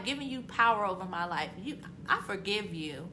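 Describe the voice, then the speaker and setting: Bright-voiced woman giving a fired-up pep talk. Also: medium pitch, lively intonation, normal speed, a little hiss or hum. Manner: emphatic, repetitive, builds to passionate peaks; casual, conversational phrasing. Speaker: author and motivational speaker. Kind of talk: inspirational self-help talk.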